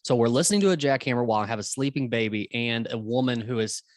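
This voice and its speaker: A man's voice: mid-range voice, dry recording. Chatty male podcast co-host. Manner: chatty, laughs along, quick asides. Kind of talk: casual podcast chat.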